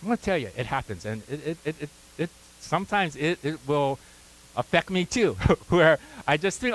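A man's voice: fairly high pitch, expressive, moderate pace, poor audio. A pastor preaching a sermon, conversational and full of "right?" asides, prompting his congregation to call out words.

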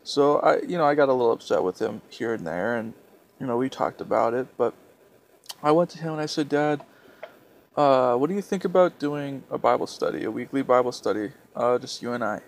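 A young man vlogging a personal story, speaking in a halting, hesitant way with many restarts, soft and subdued. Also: medium pitch, expressive, vocal fry, slight background noise.

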